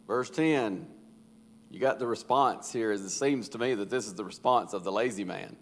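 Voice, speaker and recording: A man's voice: medium pitch, normal speed. A man leading a casual Bible study, folksy and conversational, acting out quotes in a church room. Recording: reverberant church hall.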